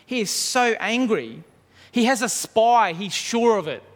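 A man's voice: sits high, expressive, a little slow. A man preaching a sermon, telling a story vividly and asking rhetorical questions, in a church hall. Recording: long hall reverb.

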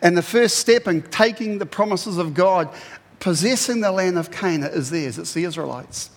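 Aussie pastor guy preaching, high-pitched voice, lively storytelling, long echo from the hall. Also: normal speed. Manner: animated storytelling, acts out quotes with sudden loud bursts. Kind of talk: sermon.

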